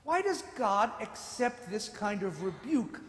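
Male rabbi lecturing, high and very lively voice, booming long-reverb sanctuary. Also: unhurried. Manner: animated, swings from quiet asides to shouted rebukes. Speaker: rabbi giving a memorial lecture. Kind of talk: lecture sermon with storytelling. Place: synagogue sanctuary. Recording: echoey hall with long reverb.

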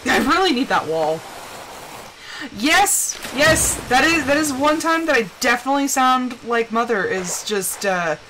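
A young woman chatting casually while playing a game on a live stream, telling animated stories and putting on quick quoted voices. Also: sits high, background noise.

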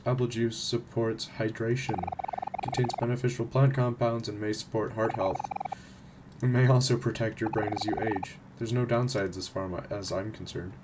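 A man voicing an apple juice fanatic who lectures in an earnest, salesy way, over loud background noise. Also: on the low side, close to an everyday voice.

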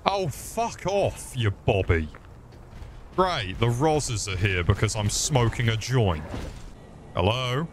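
A man's voice: lowish voice, lively intonation, takes it slowly, pauses often, slight background noise. A man streaming a game with crude, mocking comic commentary.

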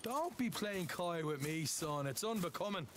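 A cocky young outlaw. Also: male voice, sits high, expressive, a bit bright, a little hiss or hum. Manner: taunting, quick-tongued, swaggering. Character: brash young male outlaw, cocky and needling.

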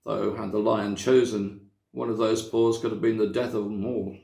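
A man from a church reading a children's story aloud, with measured, dramatic storytelling. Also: lowish voice, level tone, creaky, warm tone. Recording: echoey room.

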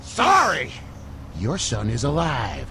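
A man's voice: mid-range voice, huge pitch swings, slow, noisy background. An actor playing a grieving, furious middle-aged father in a story video game, blunt and hostile.

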